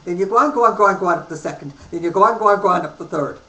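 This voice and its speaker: A man's voice: racing, sharp tone, roomy sound, poor audio. A man voicing a tipsy, chatty little Irishman with a put-on Irish lilt, recorded on a webcam. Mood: eager helpful. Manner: high, lilting, eager.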